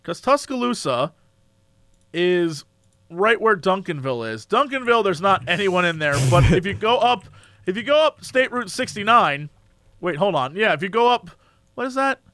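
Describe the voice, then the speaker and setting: A man in casual comedic chat, animated and laughing often. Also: high voice, normal speed, dry recording, studio quality.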